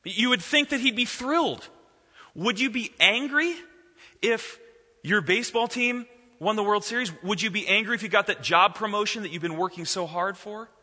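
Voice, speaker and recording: A man preaching a sermon as pastor, reading scripture slowly and expounding it with animated emphasis. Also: sits high. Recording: long hall reverb.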